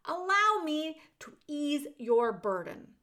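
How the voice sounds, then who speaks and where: A woman's voice: sits high, very animated, takes it slowly, pushed and bright, voice pushed up, heavily acted. A woman voicing a cunning male rat who talks in a silky, coaxing, mock-polite way. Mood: smooth. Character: cunning male rat, sly and smooth-talking.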